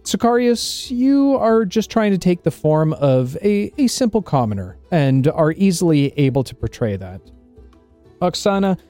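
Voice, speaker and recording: Unhurried game master with a lively voice. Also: medium pitch, dry recording, faint music behind. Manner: descriptive, unhurried narration with fillers. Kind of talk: narrating a tabletop game.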